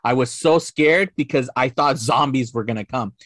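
A man, likely in his forties, telling stories in a casual podcast chat, animated and full of swearing, acting out the voices in his tales. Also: mid-range voice, moderate pace, dry recording, studio quality. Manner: animated storyteller, swears a lot, acts out quotes. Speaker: podcast guest.

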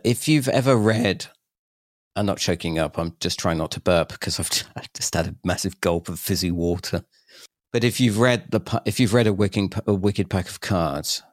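A man in his forties, a podcast guest, chatting and telling animated stories, laughing often and acting out quoted voices. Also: sits low, dry recording, studio quality. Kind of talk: casual storytelling chat.

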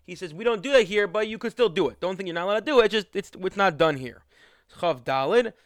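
A man's voice: high-pitched, animated, quick pace, dry recording, studio quality. A man teaching a religious text, reading lines aloud and then explaining them in an easygoing way with frequent restarts. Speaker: Torah teacher. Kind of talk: text study lesson.

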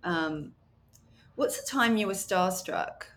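Low-pitched woman interviewer. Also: lively intonation, takes it slowly, fairly bright tone. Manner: brief, encouraging replies. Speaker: host. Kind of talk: casual interview questions.

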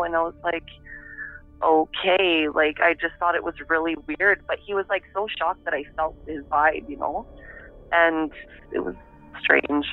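A woman's voice: low-pitched, steady tone, faint music behind. Woman recounting over a tinny phone line. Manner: halting, reflective storytelling. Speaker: interviewee, daughter of the subject. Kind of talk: recorded phone interview.

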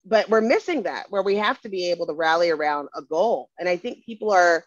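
A woman's voice: fairly low pitch, expressive, a little fast, no room sound. A woman speaking earnestly in a casual conversation, making her points with emphasis. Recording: dry, dull lo-fi sound.

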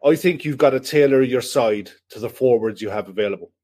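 A man co-hosting a football podcast, relaxed and agreeable, passing on questions from viewers in the chat. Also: medium pitch, a little fast. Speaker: podcast co-host.

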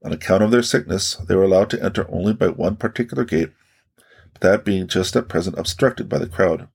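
Gravelly low-voiced male narrator. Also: fairly quick, darkish tone. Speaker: audiobook narrator. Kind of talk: scripted audiobook narration.

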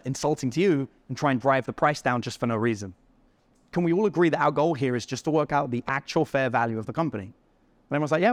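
A man hosting a business podcast, telling stories with lively acted-out dialogue. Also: medium pitch, dry recording. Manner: animated, acts out dialogue in his stories. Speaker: podcast host. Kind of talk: storytelling interview chat.

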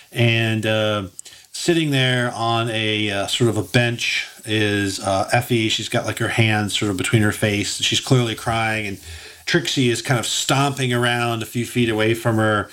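A man's voice: fairly low pitch, fairly bright tone. A man narrating a tabletop game as game master, rambling with many fillers and amused.

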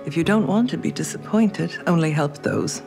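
A woman's voice: on the low side, normal speed, gravelly, music in the background. An actress playing a haughty old-money society matriarch in a period drama, clipped and disdainful, with a film score under her. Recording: film clip with score behind.

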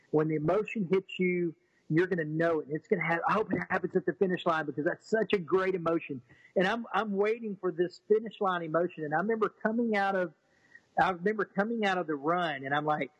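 A middle-aged man telling a personal story in an animated way, often repeating words and acting out what people said. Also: fairly high pitch, no echo, muffled recording.

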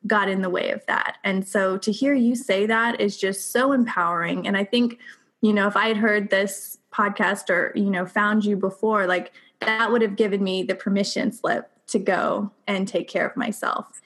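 A woman's voice: mid-range voice, steady tone, normal speed, a bit bright. A woman hosting a podcast, asking questions and affirming her guest, with many casual fillers. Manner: affirming, uses filler words like "like" and "you know". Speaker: podcast host. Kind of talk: supportive interview chat.

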